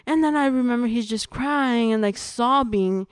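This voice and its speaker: A young woman, a podcast guest, telling a personal testimony in casual conversation, earnest and halting with restarts. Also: on the high side, clean tone, no room sound, clean studio sound.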